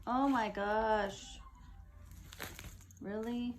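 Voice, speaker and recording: Brief: slow-talking woman vlogger, casual, chatty, filler-heavy, at home. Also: mid-range voice, fairly even intonation, background noise. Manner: chatty, unhurried, many fillers, playful scolding of a cat. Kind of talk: casual home vlog chat. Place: at home indoors.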